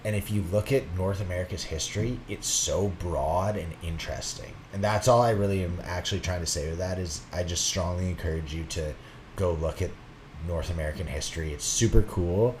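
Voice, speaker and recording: A young man chats on a podcast in a somewhat low voice, with a faint hiss under it. He rambles through his points and jumps into playful put-on quotes, laughing as he goes. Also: brisk, darkish tone. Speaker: podcast co-host. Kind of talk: casual podcast chat.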